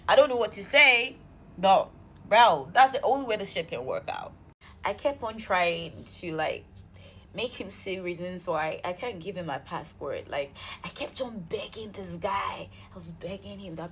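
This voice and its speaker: A woman telling an exasperated storytime vlog, animated and swearing freely. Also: medium pitch, moderate pace, slightly rough. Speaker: vlogger.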